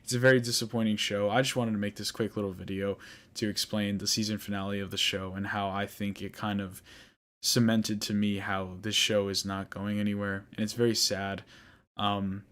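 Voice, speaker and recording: A young man talks through an anime's finale in a loose, rambling way, restarting his sentences and getting frustrated. His voice sits on the low side. It has the casual feel of a podcast host's solo episode. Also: little pitch movement, normal speed, fairly bright tone. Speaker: podcast host. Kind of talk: casual anime recap monologue.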